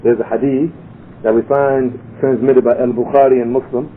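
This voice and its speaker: A man giving a religious lecture, teaching carefully and slowing down to demonstrate pronunciation. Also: level tone. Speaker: Islamic lecturer. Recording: tinny phone-like lecture recording with faint rumble.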